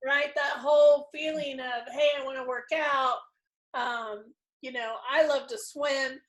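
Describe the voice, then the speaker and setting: A woman's voice: high-pitched, fairly even intonation, a little slow. A middle-aged woman hosting a casual spiritual interview, effusive and openly emotional. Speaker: host.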